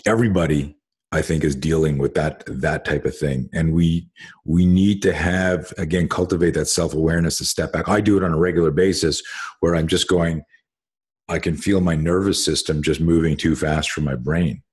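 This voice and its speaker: Low husky-voiced middle-aged man. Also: fairly even intonation, moderate pace, darkish tone. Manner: rambling storyteller with many fillers and restarts, swears casually. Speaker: host. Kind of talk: casual conversation.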